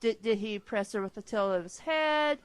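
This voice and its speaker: A woman's voice: on the high side, lively intonation, normal speed, clean tone. A woman reading fanfiction aloud on a casual podcast, stumbling over names and breaking off for sarcastic remarks.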